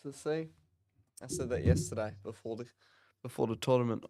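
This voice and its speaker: A man hosting a casual live watch-along, chatting and rambling with bursts of excitement as he reacts to the match from his office. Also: medium pitch, brisk, dry recording, clean studio sound.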